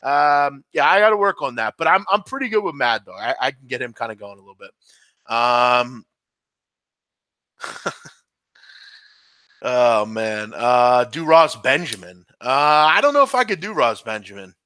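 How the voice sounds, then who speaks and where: A laid-back man hosting a casual late-night sports chat, chuckling and self-deprecating, his voice starting to go hoarse. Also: mid-range voice, lively intonation, a little slow, long pauses, sharp tone, no echo, clean studio sound. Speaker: fill-in host.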